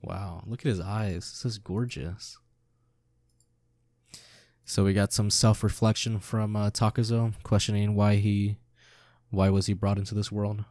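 A man reading a manga aloud and reacting to it in a casual, excitable way, swearing freely. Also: on the low side, measured pace, long pauses, dry recording.

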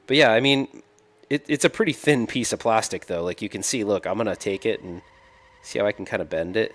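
A man's voice: on the low side, a little fast, fairly bright tone. A man co-hosting a casual live stream, rambling and correcting himself as he shows off gear. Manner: rambling, self-correcting, laughs often. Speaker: co-host.

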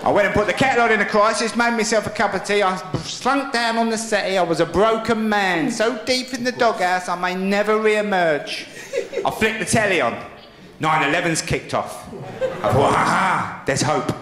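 Brief: stand-up comic, high bright voice, cheeky storyteller, roomy venue with a loud crowd. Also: male voice, moderate pace. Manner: cheeky storytelling, acts out drunk self-talk. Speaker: stand-up comedian. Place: live comedy venue, played from archive.

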